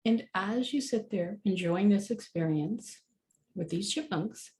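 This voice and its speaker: A woman guides a meditation in a warm, mellow voice. She talks loosely and chattily and leans on fillers as she goes. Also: mid-range voice, unhurried, a little hiss or hum. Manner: casual, chatty, many fillers.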